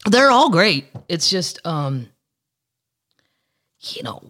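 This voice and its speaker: A woman from Missouri hosts a laid-back podcast, reading odd news items and riffing on them with plenty of jokes. Her voice sits a little low and swings widely in pitch as she talks. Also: sing-song, slow, a bit bright. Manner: chatty, joking, reads news aloud. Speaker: podcast host. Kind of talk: casual podcast chat.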